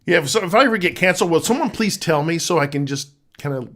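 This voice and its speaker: A man's voice: fairly high pitch, lively intonation, fast, fairly bright tone. A man co-hosting a casual live-stream chat, joking and bantering playfully. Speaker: co-host, author's husband.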